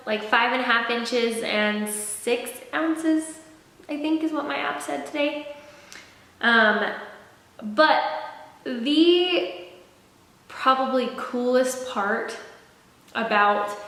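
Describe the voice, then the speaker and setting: A young woman talks through a casual pregnancy update in a fairly high voice, rambling with lots of fillers and restarts. She sounds a little short of breath. The room is very echoey, and a long reverb trails after her words. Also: fairly bright tone. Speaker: vlogger.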